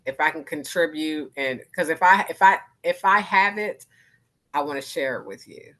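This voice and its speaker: Animated woman in her fifties. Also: low-pitched, moderate pace, poor audio. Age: 50s. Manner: animated, acts out quoted voices, laughs often. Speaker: arts organization founder, guest speaker. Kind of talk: candid panel conversation.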